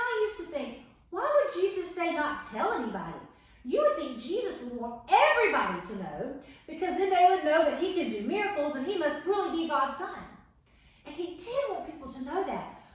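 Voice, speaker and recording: A woman teaching a Bible class for young children, telling the story in an animated way and speaking loudly so the camera across the room can pick her up. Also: sits high. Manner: animated, acts out voices of the story characters; talks loud to reach the camera. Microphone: far camera mic. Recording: very echoey room, camera far off.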